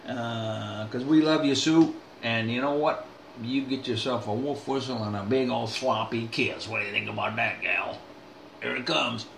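A man's voice: medium pitch, moderate pace, creaky, a bit bright, slight background noise. An older man talking straight to his viewers in a folksy, rambling way, full of restarts and asides. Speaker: vlogger. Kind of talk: casual rambling monologue. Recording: echoey room, faint ambience.

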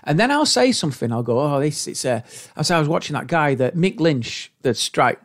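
Male comic co-host; chatty, animated storyteller with a very lively pitch. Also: a little fast. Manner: animated storytelling, acts out voices of family. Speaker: comedian podcast co-host. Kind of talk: casual chat.

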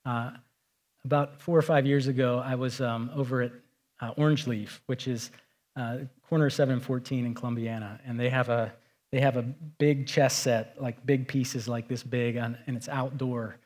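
A man's voice: medium pitch, steady tone, moderate pace, darkish tone. A middle-aged man preaching a sermon as pastor, talking in a conversational storytelling way that rises to emphatic points.

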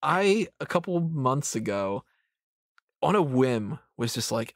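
A man's voice: mid-range voice, big pitch swings, slow, no room sound. Man, thirties, podcast host, rambling casual chat, self-mocking, dry close sound. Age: 30s.

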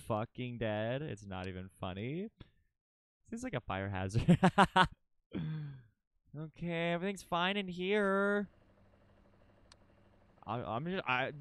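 A young man streaming a game live, narrating dramatically and swinging between loud panic and low, repetitive mutters. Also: clean tone, no echo.

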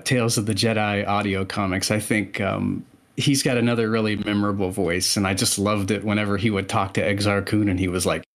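A man guest on a podcast, chatting casually and enthusiastically with many hesitations. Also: fairly low pitch.

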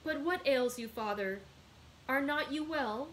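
A woman reading aloud, voicing an earnest, devoted young male sailor with lively emphasis. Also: high-pitched, unhurried, slight background noise, pitched above the performer's own voice, low-quality recording. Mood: joyful.

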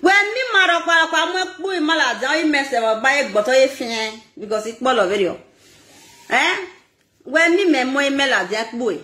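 A woman's voice: high-pitched, moderate pace, reverberant. A Nigerian woman ranting on a live video, scolding and laughing as she talks. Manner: animated, scolding, laughs often. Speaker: social media personality.

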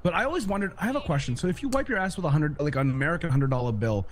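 Joking Canadian man, lively voice. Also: fairly high pitch, rapid-fire, a loud crowd. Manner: joking, teasing banter. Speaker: co-player. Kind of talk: casual gaming chat.

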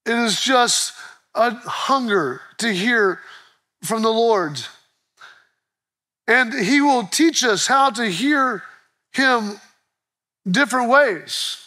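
Very high-voiced male pastor preaching. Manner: animated storytelling with quick restarts. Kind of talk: sermon.

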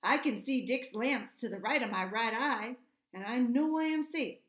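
A woman voicing a proud male cavalry troop horse who lectures in an earnest, brisk way. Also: on the high side, a bit bright, reverberant, lightly acted. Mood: matter-of-fact.

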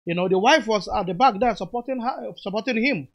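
A man talks through clips in a relaxed, explanatory way, pausing to moralize. His voice sits fairly high for a man. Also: gravelly, lo-fi sound. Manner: unhurried, explanatory, moralizing asides. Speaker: commentary vlogger. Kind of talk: casual commentary over video clips.

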